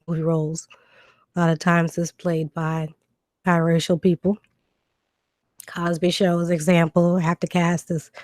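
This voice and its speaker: A woman's voice: on the low side, dry recording, clean studio sound. A woman hosting a casual livestream, reading out viewer questions and answering them with many ums and restarts, a cough drop in her mouth. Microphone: new desk microphone.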